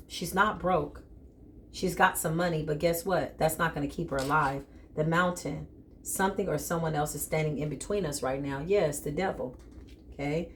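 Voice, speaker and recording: Blunt tarot reader, a woman, deep voice, faint hiss behind. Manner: blunt, emphatic, talks straight to the viewer. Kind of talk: spiritual tarot reading to viewers.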